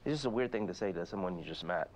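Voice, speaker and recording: A middle-aged man hosting a comedic interview, asking awkward questions in a deadpan, halting manner. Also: low-pitched, slight background noise. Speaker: talk show host.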